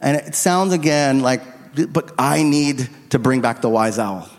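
Holding a microphone in a church sanctuary, a middle-aged pastor delivers a sermon built around an earnest, confessional personal story. He speaks in an expressive mid-range voice at a measured pace, with the long reverb of a church hall around him.

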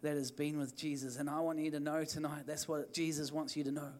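Kiwi pastor guy, fairly high voice, preaching hard and repeating himself. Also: flat delivery, brisk, darkish tone. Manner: fervent, repetitive exhortation with restarts. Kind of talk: evening church sermon.

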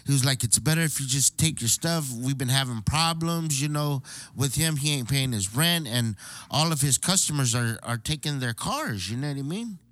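Bright-voiced, foul-mouthed storytelling man. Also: medium pitch, normal speed, no room sound. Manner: profane, animated storyteller acting out quotes. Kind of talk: casual chat.

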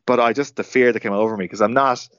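A young Irish man, a journalist, tells a story in a podcast interview, animated and full of restarts. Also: mid-range voice, quick pace, clean tone. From Ireland. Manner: animated, acts out quotes with many restarts. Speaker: journalist guest. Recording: dull, lo-fi sound.

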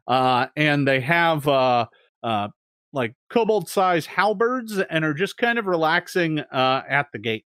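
Casting: male game master, animated pitch, halting narration, dry close sound. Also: no echo. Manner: hesitant, many fillers, laughs at the players.

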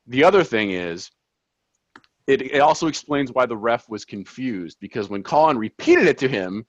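A man's voice: medium pitch, expressive, moderate pace, dry recording, lo-fi sound. A man co-hosting a soccer podcast, talking in casual chat and making his points with emphasis. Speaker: podcast co-host.

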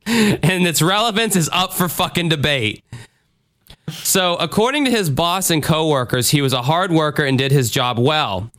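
Joking, profane man, smooth higher voice. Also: moderate pace, a bit bright, no echo, studio quality. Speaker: podcast host. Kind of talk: casual chat.

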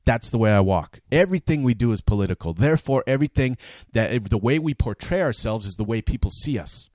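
A man's voice: medium pitch, lively intonation, fast, darkish tone, no room sound, clean studio sound. A man from Canada hosting his own podcast, delivering a sarcastic, heated comic rant. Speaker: podcast host.

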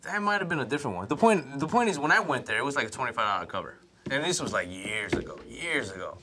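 A man's voice: medium pitch, big pitch swings, quick pace, pushed and bright. Rambling young man from Chicago. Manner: rambling storyteller, swears, stammers and restarts. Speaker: podcast co-host. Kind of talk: casual chat.

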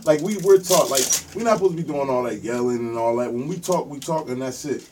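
A man's voice: medium pitch, fast talker, over music. A man giving blunt, profane opinions in a casual podcast group chat. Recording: distant mic with loud noise.

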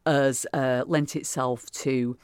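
A woman actor chatting in an interview, animated and talkative, with quick restarts and repeated words. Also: extremely low pitch, clear, resonant tone, no room sound, studio quality. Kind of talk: casual interview chat.

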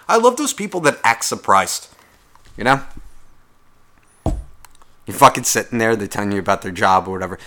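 A man's voice: on the low side, expressive, moderate pace, long pauses, sharp tone. A man hosting a podcast, delivering a sarcastic, profanity-laced comedic rant. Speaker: podcast host.

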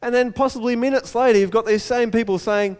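Male pastor, high voice, animated preacher, reverberant hall. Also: fast, clear, resonant tone. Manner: animated storytelling, acts out crowd voices. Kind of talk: sermon.

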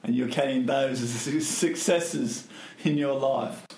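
A man's voice: mid-range voice, measured pace, creaky, darkish tone, reverberant. A man, co-hosting a casual chat with dry, teasing banter. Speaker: podcast co-host.

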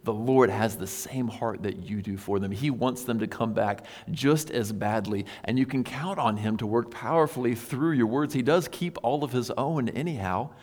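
A man's voice: mid-range voice, normal speed, few pauses, darkish tone. A man preaching a sermon, patient and explanatory, asking his listeners rhetorical questions. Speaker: pastor. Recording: long hall reverb.

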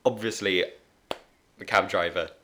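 A man's voice: low-pitched, measured pace, a little hiss or hum. A man co-hosting a podcast, telling a rambling story in easy, casual chat. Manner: relaxed rambling anecdote. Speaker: podcast co-host.

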